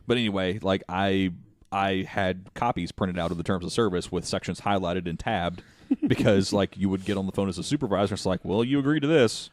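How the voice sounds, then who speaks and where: A man's voice: deep voice, a little fast. A man co-hosting a podcast in casual chat, a jokey storyteller who acts out the people he quotes. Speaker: podcast co-host.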